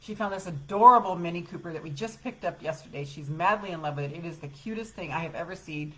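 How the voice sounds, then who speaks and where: A woman's voice: fairly low pitch, fast, sharp tone, rough recording. A middle-aged woman hosting a live self-help show, rambling casually through a personal story with laughs and the odd swear word. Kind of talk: rambling casual chat with viewers.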